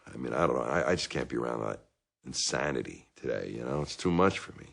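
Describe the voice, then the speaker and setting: A man playing a deep-voiced, self-pitying divorced dad. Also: animated, quick pace, creaky, exaggerated voice. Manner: rambling, self-justifying, with bursts of anger. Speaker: therapy patient. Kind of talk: comic monologue.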